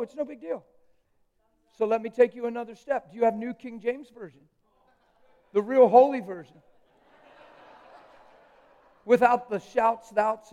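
A man preaching a live sermon in a church hall, emphatic and joking with the congregation, swinging from hushed asides to loud declarations. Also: very high-pitched. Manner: jokes with the congregation.

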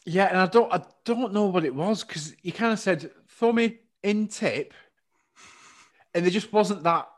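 A man's voice: high-pitched, brisk, few pauses. A man co-hosting a comedy podcast, playful and teasing in his banter. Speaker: podcast co-host.

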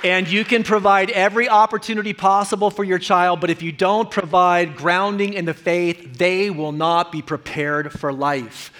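A man's voice: sits high, steady tone, moderate pace, hardly any pauses, a bit bright, a faint crowd. A man, a pastor, preaching a sermon in an earnest, conversational way and repeating key lines.

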